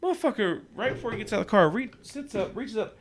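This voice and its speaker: A man's voice: sits high, sing-song, fast talker, slight background noise. A young man casually telling a long, profane story on a podcast, acting out what people said. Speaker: podcast co-host.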